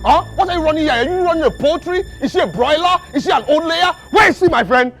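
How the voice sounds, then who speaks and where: An indignant, sarcastic young fiancé. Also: male voice, very high voice, expressive, a bit bright, faint music behind. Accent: Nigerian. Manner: repetitive, sarcastic, fast.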